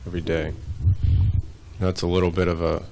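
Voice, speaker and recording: Low monotone guy asking a question from the crowd, far off mic, faint hiss. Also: fairly quick, gravelly. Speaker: audience member asking a question. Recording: distant voice with faint noise.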